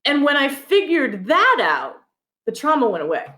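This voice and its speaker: High-voiced woman telling a story. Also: moderate pace, reverberant. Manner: animated, laughs while telling a story. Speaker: guest author. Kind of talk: conversational storytelling.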